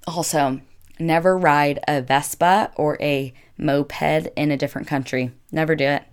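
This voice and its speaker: A woman's voice: deep voice, smooth. A young woman telling a travel story in a chatty vlog, filling her talk with constant "like". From United States. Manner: chatty, filler-heavy with constant "like". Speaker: vlogger. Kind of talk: casual storytelling.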